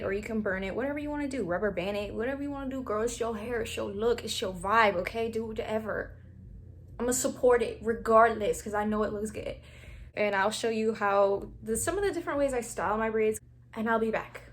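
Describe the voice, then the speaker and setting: Talking briskly in a slightly high voice, this hair tutorial vlogger chats with viewers as "girl" and "y'all" while styling braids at home, laughing often. She dips into a near whisper as she twists hair, with slight background noise.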